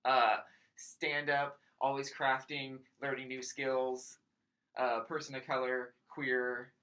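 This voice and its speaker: Bright-voiced man co-hosting a podcast. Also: medium pitch. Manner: animated, talks in quick bursts with many restarts. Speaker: podcast co-host. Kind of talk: casual chat.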